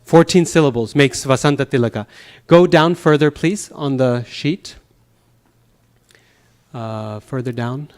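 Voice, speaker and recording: A man lecturing to a class in a temple classroom, explaining step by step with a medium-pitched voice. He keeps checking that the students follow. Now and then he recites verse lines slowly and rhythmically. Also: darkish tone. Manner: patient, explanatory, checks understanding with "okay?". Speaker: Sanskrit teacher.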